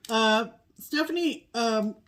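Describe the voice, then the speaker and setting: A woman's voice: fairly high pitch, slow, a bit bright. A woman co-hosting a casual chat, gushing and repeating her praise. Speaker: co-host.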